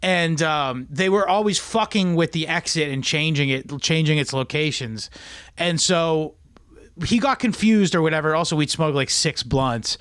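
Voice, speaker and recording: A man's voice: a little high, normal speed, fairly bright tone, no room sound, clean studio sound. A young man from south of Boston hosting a casual podcast, telling a rambling story full of swearing and laughs. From south of Boston, USA. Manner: rambling crude storytelling, swears a lot, laughs mid-sentence. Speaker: podcast host.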